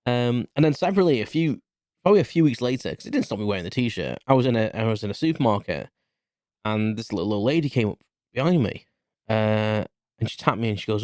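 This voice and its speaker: A man's voice: fairly low pitch, lively intonation, fast, a little mellow, dry recording, clean studio sound. Chatty British man spinning a rambling anecdote. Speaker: podcast host. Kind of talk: candid solo podcast monologue.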